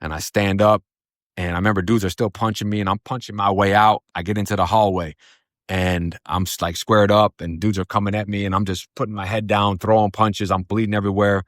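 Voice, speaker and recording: Low-voiced blunt, profane male storyteller. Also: level tone, brisk, dry recording, studio quality. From Florida. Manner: blunt and profane, with many fillers. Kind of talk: casual spoken storytelling.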